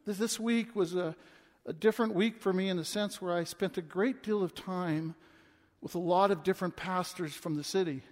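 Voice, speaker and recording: A man in his twenties preaching a sermon as a pastor, impassioned and swinging from loud to hushed. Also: sits high, moderate pace. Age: 20s. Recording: long reverb of a large hall.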